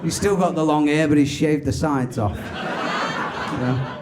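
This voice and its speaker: A male stand-up comedian, animated and swearing, on a comedy club stage. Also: on the high side, measured pace, background noise. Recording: live club with crowd laughter.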